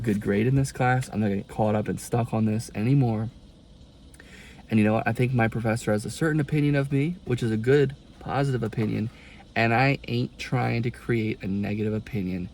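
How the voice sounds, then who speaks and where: A young man talks straight to the camera in a casual confession vlog, rambling and exasperated, with folksy turns of phrase. His voice is gravelly with plenty of fry, and a faint ambient hiss sits behind it. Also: on the low side, darkish tone. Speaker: college student vlogger.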